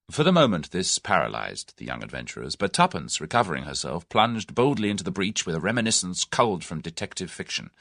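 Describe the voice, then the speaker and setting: A man narrating an audiobook novel in an expressive, measured storytelling manner. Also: deep voice, gravelly, dry recording, studio quality.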